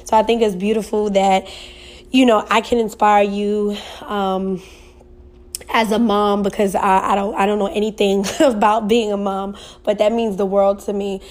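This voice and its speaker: A woman's voice: mid-range voice, little pitch movement, normal speed, darkish tone. A young woman hosts her podcast in casual chat. She reads listener messages aloud and talks through them in a loose, emotional way, laughing easily as she reacts. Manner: emotional, laughing, colloquial and chatty. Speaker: podcast host.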